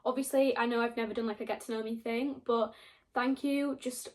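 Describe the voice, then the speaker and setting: Young woman, high voice, chatty, rambling, casual vlog talk to camera. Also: steady tone, brisk. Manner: chatty, rambling, laughs between thoughts. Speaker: book YouTuber.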